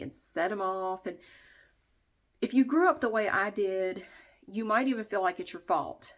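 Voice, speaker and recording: A woman's voice: medium pitch, fairly bright tone. A woman vlogger chatting casually, stuffy and nasal, short of breath, venting bluntly and swearing freely. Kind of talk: casual chat to camera.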